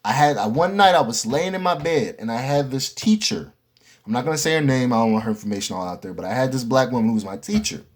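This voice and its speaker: A young man casually telling a storytime to the camera, animated and slangy, with profanity and asides to the viewer. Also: mid-range voice, quick pace.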